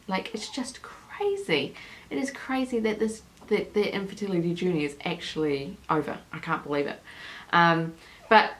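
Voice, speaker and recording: A woman's voice: fairly low pitch, fairly bright tone, low-quality recording. A woman in her thirties from New Zealand, chatting casually to a camera while holding her newborn, rambling and emotional with many fillers. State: holding and breastfeeding a baby. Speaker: vlogger. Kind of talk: casual vlog chat.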